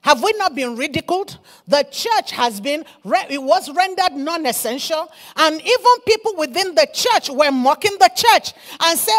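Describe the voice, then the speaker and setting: A woman preaching a fiery sermon, repeating her phrases and rising to shouts. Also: high-pitched, lively intonation, moderate pace. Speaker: apostle preaching.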